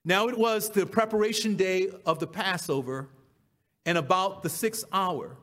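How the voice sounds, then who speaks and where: A man preaching a sermon, reading scripture aloud and breaking off to explain it, swinging from loud emphatic cries to hushed near-whispers. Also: high voice, moderate pace.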